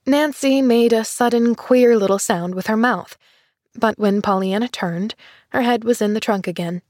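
A woman narrating a classic children's story in a measured, gentle storytelling voice. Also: fairly high pitch, no room sound, studio quality. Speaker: audiobook narrator.

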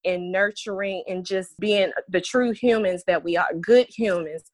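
A woman in her thirties talks as a guest teacher in an earnest, reflective way, her voice at an ordinary pitch for a woman. The sound is dry and close, with no room around it. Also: steady tone, a little slow, no room sound. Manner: earnest, reflective, reads letters aloud. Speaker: special education teacher, guest. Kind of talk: heartfelt interview talk.

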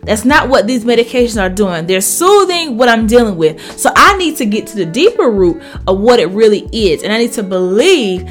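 A woman's voice: on the high side, big pitch swings, normal speed, few pauses, soft background music. A woman preaching fervently, reading scripture and sharing testimony with emphatic, direct address to her listeners. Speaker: Bible teacher. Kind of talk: Bible reading with preaching commentary.

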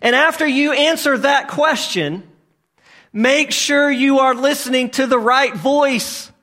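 High, bright-voiced preaching man. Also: slow. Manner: emphatic, repetitive rhetorical questions, swinging from loud to hushed. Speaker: pastor. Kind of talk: sermon.

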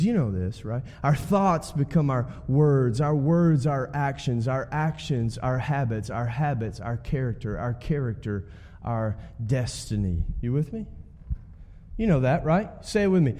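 A man's voice: medium pitch, expressive, measured pace, warm tone. A man preaching as a guest pastor, conversational, often asking the congregation to respond. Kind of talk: sermon. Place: church sanctuary. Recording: long church hall reverb.

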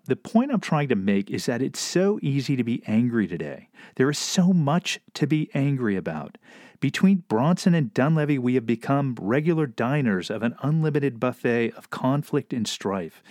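Sarcastic, animated male podcast host. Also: mid-range voice, no room sound, studio quality. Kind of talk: sarcastic political commentary.

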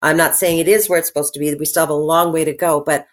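A middle-aged woman chats as a guest on an interview show, her voice sitting a little low. She talks in animated, rambling bursts, restarting sentences and filling pauses with "you know" and "like". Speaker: actress and podcast guest. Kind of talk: casual interview chat.

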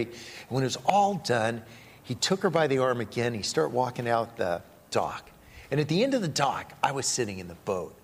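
Pastor, male, animated storyteller, husky voice, long hall reverb. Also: medium pitch. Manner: animated, playful storyteller acting out quotes. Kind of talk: sermon storytelling.

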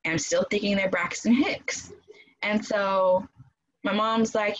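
A woman casually telling a personal story in an animated way, acting out quoted voices and laughing often. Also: mid-range voice, unhurried, muffled recording. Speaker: guest telling her birth story.

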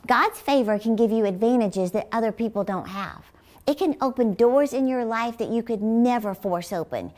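A middle-aged woman preaching a sermon in an emphatic manner, often rising to high exclamations. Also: moderate pace, a little mellow.

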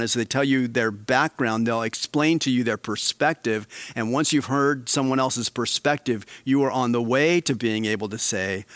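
A male pastor preaching a sermon, swinging between quiet, slow emphasis and animated, raised passages. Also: mid-range voice, dry recording.

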